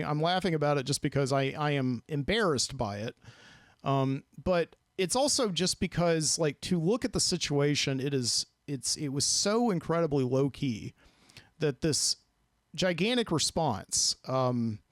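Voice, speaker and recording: A man's voice: fairly high pitch, no room sound, clean studio sound. A man hosting a podcast, telling a late-night story in a rambling, self-deprecating way and acting out the people he quotes. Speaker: podcast host. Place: studio.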